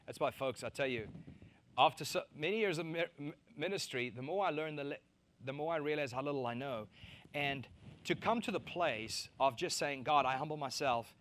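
A man preaching a sermon, animated, acting out quoted voices to mock them and laughing between his points. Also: fairly high pitch, normal speed, slight background noise. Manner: animated, acts out mocking quotes.

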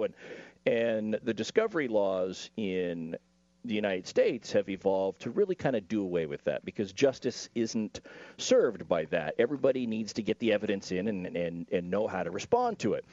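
A man on a panel explaining legal procedure in a measured, explanatory way, now and then acting out quotes. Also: on the low side, big pitch swings, darkish tone, no room sound, lo-fi sound. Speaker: legal commentator.

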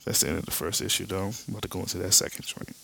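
A man's voice: low-pitched, fairly even intonation, racing, vocal fry, background noise. A man hosting a podcast, retelling a comic book story in loose, slangy, laid-back talk. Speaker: podcast host. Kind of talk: casual comic-book recap.

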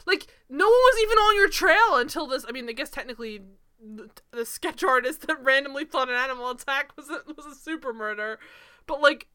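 Bright animated woman recapping a show. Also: high voice, a little fast. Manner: animated, sarcastic, swears, laughs often. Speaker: podcast co-host. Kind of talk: casual TV recap chat.

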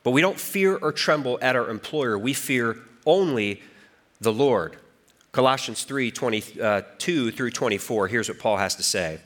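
A man's voice: medium pitch, expressive, a little slow, a bit bright. A man preaching a sermon as pastor, storytelling with his voice rising and falling for emphasis.

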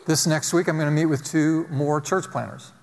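A man's voice: on the high side, fairly even intonation, normal speed, creaky. A man preaching a sermon as pastor, emphatic and repetitive, driving points home with repeated phrases. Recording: long reverb of a large hall.

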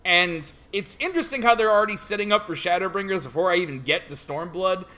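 A young man with a bright, tense voice pitched slightly high chats as a podcast co-host. He sounds relaxed and wry, teasing his partner as they talk. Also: fast talker. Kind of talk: casual chat.

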